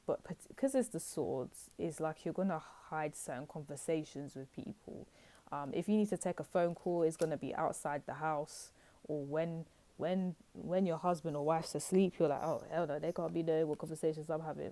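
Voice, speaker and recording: Blunt low-voiced woman reading tarot. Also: dark tone. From United Kingdom. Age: young adult. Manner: chatty, blunt, acts out quoted reactions. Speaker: tarot reader. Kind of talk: casual tarot reading to viewers.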